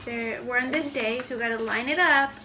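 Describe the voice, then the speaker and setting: High-voiced gentle mother teaching at home. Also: fairly quick. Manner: gentle, encouraging, praising. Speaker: homeschooling mother teaching her children. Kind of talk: casual home vlog, teaching and talking to camera. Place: family home. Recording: home recording with steady background noise.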